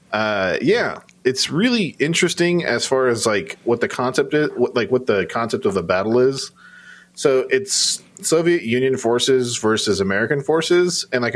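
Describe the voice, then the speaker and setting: A man co-hosting a casual gaming podcast, talking loosely with lots of fillers. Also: mid-range voice. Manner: rambling, filler-heavy. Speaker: podcast co-host. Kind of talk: casual chat.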